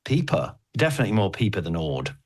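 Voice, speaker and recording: Chatty man, low voice. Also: big pitch swings, fast talker. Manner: enthusiastic, chatty, laughs often. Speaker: podcast host. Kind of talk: casual chat.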